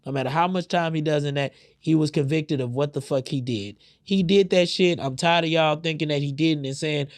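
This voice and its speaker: A man's voice: on the high side, brisk, few pauses. Heated, rambling man sounding off. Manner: animated, profane, heated, many fillers. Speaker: podcast host. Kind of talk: casual opinion commentary.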